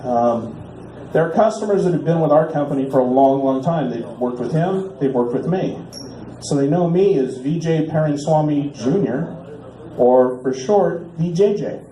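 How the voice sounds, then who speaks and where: A man in his forties doing a stand-up comedy set in a bar, delivering punchlines deadpan and drawing out repeats while he waits for laughs. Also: on the high side, moderate pace, reverberant, slight background noise, low-quality recording. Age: 40s. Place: small bar stage.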